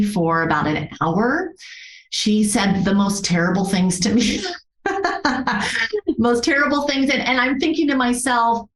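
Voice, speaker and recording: A woman being interviewed as a yoga therapist, telling a personal story in an earnest, animated way and laughing often. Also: medium pitch. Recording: roomy echo.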